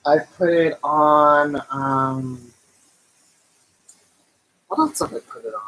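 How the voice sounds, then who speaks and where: A man's voice: fairly high pitch, takes it slowly, a bit bright, rough recording. A man casually chatting on a live stream while cooking, rambling with lots of fillers and enthusiastic about the food.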